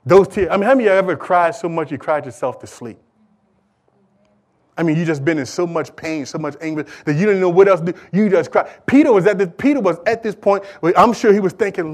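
A man with a high-pitched voice preaches a sermon. He swings between loud, fervent passages and quiet, hushed ones. He repeats words for emphasis and asks the congregation questions. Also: animated, fast. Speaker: pastor. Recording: audio recording of a live sermon.

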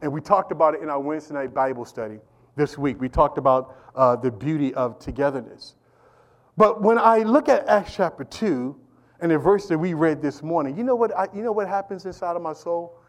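A middle-aged man preaching a sermon as pastor, animated and repetitive, calling out to the congregation. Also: on the high side, brisk. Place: church.

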